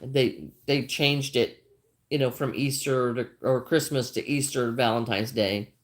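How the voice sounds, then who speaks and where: A woman's voice: extremely low pitch, steady tone, a little slow. Older woman chatting on a craft livestream. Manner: chatty, greets viewers by name, repeats herself. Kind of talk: casual livestream chat while crocheting.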